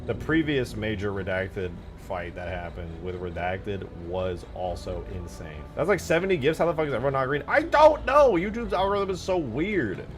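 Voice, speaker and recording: A man live-streaming casual chat, excitable and foul-mouthed, yelling thanks to his chat and then mumbling asides. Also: mid-range voice, moderate pace, few pauses, music in the background. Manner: excitable, swears a lot, yells thanks to chat; swings between mumbling asides and loud outbursts. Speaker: livestreamer and game modder.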